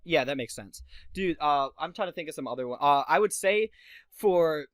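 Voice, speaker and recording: A man's voice: a little high, expressive, normal speed, a bit bright, no echo. A young man co-hosting a casual podcast, giving emphatic advice with lots of fillers and restarts. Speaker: podcast co-host.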